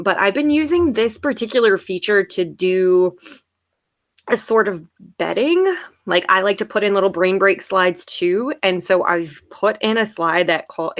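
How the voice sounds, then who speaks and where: Chatty upbeat woman teacher demoing software. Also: on the low side. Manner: chatty, upbeat, frequent "okay" and "yay". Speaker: teacher presenting a webinar. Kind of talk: casual live software demo.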